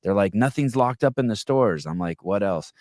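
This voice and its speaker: A man hosting a podcast, chatting casually and telling stories with quick back-and-forth retorts. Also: lowish voice, dry recording, clean studio sound. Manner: animated storyteller, quick retorts. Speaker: podcast host. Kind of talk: casual chat.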